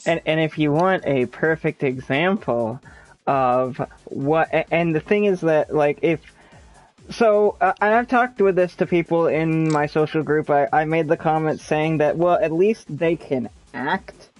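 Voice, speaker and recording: A man hosting a podcast speaks in a measured, agreeable way, often pausing to search for words. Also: a little high, faint music behind. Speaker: podcast host. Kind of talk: casual podcast chat. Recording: dull, dry lo-fi audio.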